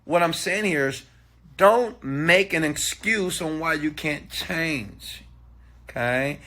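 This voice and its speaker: A man giving a motivational talk, preachy and animated, often checking in with "okay?". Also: a little high, slow pace. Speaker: motivational speaker.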